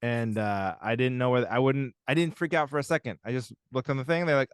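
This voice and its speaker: A young man co-hosting a podcast in casual, jokey chat, arguing playfully and telling stories with a slightly husky throat. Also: mid-range voice, fast talker, hardly any pauses, no room sound, studio quality. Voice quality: husky, like a smoker's voice right now. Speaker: podcast co-host.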